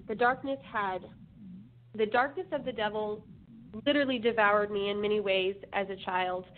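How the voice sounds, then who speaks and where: A woman guest slowly telling her life story in an interview, with measured pauses. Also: on the high side. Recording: phone line with faint hiss.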